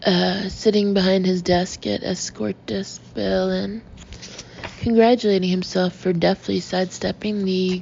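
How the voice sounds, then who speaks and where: A woman reads an audiobook slowly and deliberately, her voice gravelly and held to a narrow, flat range. The recording is a little dull and lo-fi, with a faint hiss sitting underneath. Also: lowish voice. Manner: slow, measured, even reading. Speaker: audiobook narrator. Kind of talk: audiobook narration.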